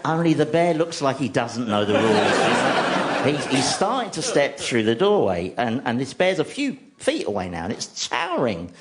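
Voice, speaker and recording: A man tells comic stories for a radio show in a wry, deadpan manner. His pitch moves about in a lively way as he talks. A steady background noise runs under the recording. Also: moderate pace. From London, England. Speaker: comedy host. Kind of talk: stand-up comedy monologue on radio.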